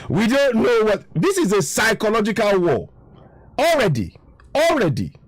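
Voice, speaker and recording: A Nigerian online commentator with a Yoruba-tinged accent delivers a frustrated, impassioned political monologue, repeating himself for emphasis. His voice is high, and the recording is dry.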